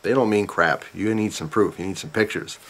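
A man vlogger casually telling a story, rambling and animated, with lots of asides to the viewers. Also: fairly low pitch, a little fast, slight background noise.

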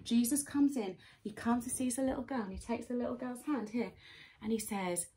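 Her voice a little high and a little fast, this woman in her thirties leads kids' worship. She tells the Bible story animatedly, punctuating it with gasps and acted voices.

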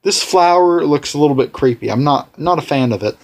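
A man hosting a let's play, rambling and correcting himself as he plays, with excitable outbursts. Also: fairly high pitch, a little fast. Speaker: gaming channel host.

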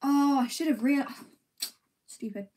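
This young streamer speaks slowly in a high, darkish voice while eating ice cream on her livestream. Going through comments casually, she answers in a giggly, meandering, self-mocking manner.

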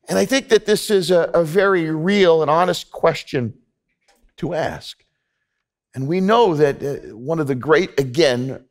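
A man preaching a sermon in a church, talking earnestly and conversationally to the congregation, often repeating himself. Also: a little high. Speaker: pastor. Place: church sanctuary.

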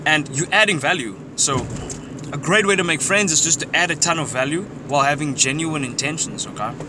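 Fairly quick and somewhat high-voiced, a young man drives along chatting casually, tossing out profane advice on social matters between frequent laughs. The recording from the car interior is noisy with car and street background.

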